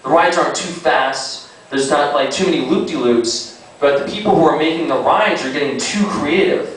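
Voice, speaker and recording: A young man doing a stand-up set, rambling and halting with lots of fillers and self-aware asides. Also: on the high side. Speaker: stand-up comic. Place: small comedy club. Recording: echoey club, distant mic, audible noise.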